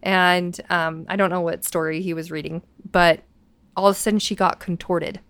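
A woman's voice: on the low side, moderate pace, smooth, no echo. A woman, co-host of a paranormal talk show, retelling a story in casual chat and quoting the people in it. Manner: animated, quotes people as she tells the story.

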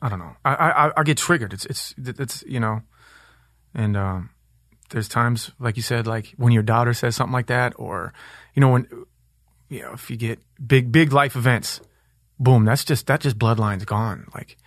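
A man's voice: mid-range voice, normal speed, no echo. A man in his thirties from Minneapolis, a guest on a podcast, telling personal stories candidly and with lots of swearing. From Minneapolis, USA. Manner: candid, profane storytelling. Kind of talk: casual interview chat.

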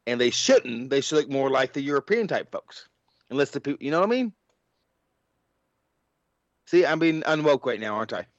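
A man's voice: mid-range voice, sing-song, moderate pace, long pauses, dry recording. Male podcast host, rambling and chuckly, dull lo-fi dry sound. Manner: rambling, laughs often, restarts. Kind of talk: casual podcast chat.

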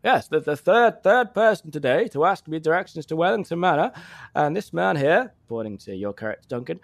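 A man's voice: fairly high pitch, sing-song, a little fast, gravelly, dry recording, clean studio sound. A man playing a chatty rural local who rambles and stammers as he gives directions. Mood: gossipy. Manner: rambling, stammering, full of restarts.

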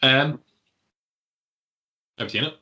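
A man's voice: medium pitch, slow pace, sharp tone. A man co-hosting a casual wrestling podcast, rambling with lots of fillers and easy laughs. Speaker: podcast co-host.

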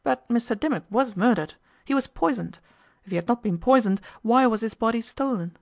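Picture a fearless young American woman cross-examining a suspect in an old storybook, her questions cool and relentless, as a woman reader puts her on. She sits slightly higher than a plain reading voice and carries a firm, commanding edge. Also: expressive, a little fast, vocal fry. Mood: pressing. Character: bold, determined young American woman interrogator.

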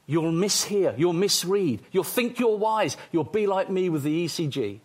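A man preaching a sermon, excitable, moving between quiet stretches and loud exclamations. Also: sits high, moderate pace, few pauses.

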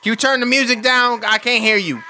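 A man voicing a hot-tempered, profane, streetwise caller on a prank phone call, loud and animated, swinging from rage to sweet talk. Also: very high-pitched, brisk, faint music behind, full character voice. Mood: boisterous.

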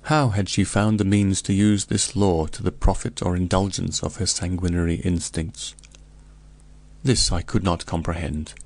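Deep, gravelly male storybook narrator. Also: steady tone, normal speed, darkish tone. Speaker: audiobook narrator. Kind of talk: first-person storybook narration.

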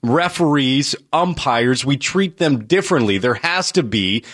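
A man co-hosting a sports radio show, teasing his colleagues with measured, reasoned takes. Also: medium pitch, lively intonation, a bit bright. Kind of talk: casual banter.

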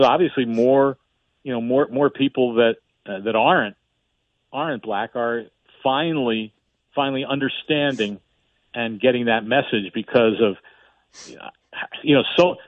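A man co-hosting a sports radio show in casual talk, speaking haltingly with many restarts. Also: mid-range voice, dry recording. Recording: dry, tinny phone-line sound.

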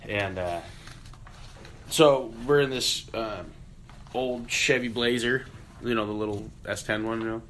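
A man in his thirties talks in a fairly low, easy voice. He is a comedian guest on a casual podcast, and he rambles through profane stories with plenty of fillers. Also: unhurried, pauses often, fairly bright tone, a little hiss or hum. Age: 30s.

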